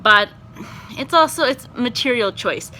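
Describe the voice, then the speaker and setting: A young woman talks straight to her own camera in a loose, chatty vlog. Her voice is bright and clear. She wanders between thoughts, leans on fillers and lifts readily into excitement. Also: fairly high pitch, unhurried, a little hiss or hum. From Canada. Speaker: vlogger and performance teacher. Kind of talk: casual vlog chat.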